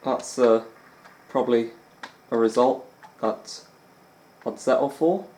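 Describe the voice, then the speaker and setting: Slow-paced and medium in pitch, this man's slightly mellow voice carries a roomy sound. He hosts a gaming channel, chatting and rambling over a snooker video game, full of fillers and clearly entertained by himself.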